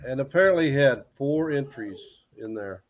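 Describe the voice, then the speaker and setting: A man's voice: medium pitch, lively intonation, moderate pace. An American man hosts a casual livestream, talking in an easygoing, rambling way and retelling conversations. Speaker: livestream host. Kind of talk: casual live-stream chat. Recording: dull lo-fi livestream audio.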